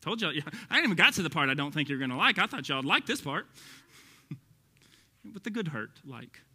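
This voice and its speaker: A male pastor with a Texas accent preaching an animated, joking sermon, acting out quoted voices and sometimes shouting. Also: fairly high pitch, a little fast, husky.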